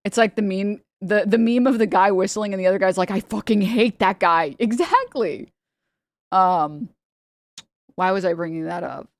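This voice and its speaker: A woman's voice: medium pitch, expressive, moderate pace, no echo. A young woman streamer in casual commentary, rambling and sarcastic, often laughing and putting on mocking voices.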